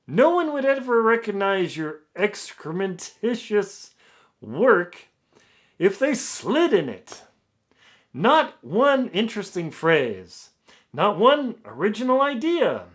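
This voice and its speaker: A man's voice: high voice, huge pitch swings, takes it slowly, voice pushed up, exaggerated voice. A man reading out a nasty review in a put-on pompous English accent, playing a snobbish literary critic. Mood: pompous, sneering. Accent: mock posh English. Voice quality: pompous, sneering.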